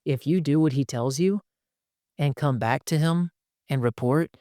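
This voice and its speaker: A man's voice: fairly high pitch, measured pace, dark tone, no echo, clean studio sound. A man who is a pastor, talking emphatically on a podcast and acting out the people he quotes. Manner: emphatic, acts out quoted people in different voices. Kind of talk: conversational podcast discussion.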